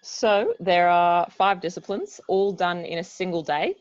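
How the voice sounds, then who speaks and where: Laughing often and self-deprecating, a twenty-something Australian athlete chats as a guest in a casual interview. She speaks a little slowly in a voice on the low side, and the dry recording has its highs cut off.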